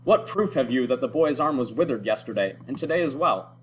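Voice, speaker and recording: A stern, impatient starship captain, voiced by a man reading a story aloud. He talks in clipped, scornful bursts and brushes off whatever he is told. The voice is mid-pitched, with a faint background noise. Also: lively intonation, brisk, close to an everyday voice, rough recording.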